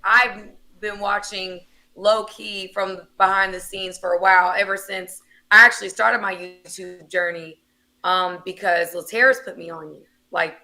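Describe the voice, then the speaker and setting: An American woman in young adulthood hosting a casual livestream chat, lively and talkative, calling her audience y'all. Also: medium pitch, a little slow. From United States. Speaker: host.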